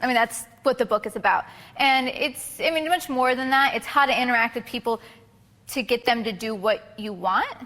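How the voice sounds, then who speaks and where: A woman's voice: fairly high pitch, moderate pace, a bit bright. A woman giving a casual, chatty photography workshop talk to a live group, full of fillers and restarts. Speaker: photography instructor. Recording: reverberant hall recording.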